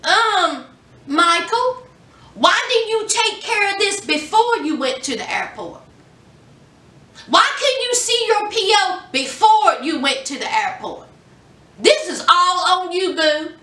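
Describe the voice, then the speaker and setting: High lively woman, sassy recap, bright tone, echoey room, a bit far from the mic. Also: slow. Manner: animated, sassy, acts out quotes. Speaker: reality TV recap vlogger. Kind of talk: casual chat.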